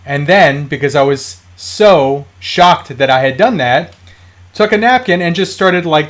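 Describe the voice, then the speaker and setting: A man in his thirties with a slightly raised pitch, hosting a live stream about toy collecting. He talks casually and loosely, full of fillers and false starts, as he reads comments and tells stories. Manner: rambling storytelling with many fillers and restarts.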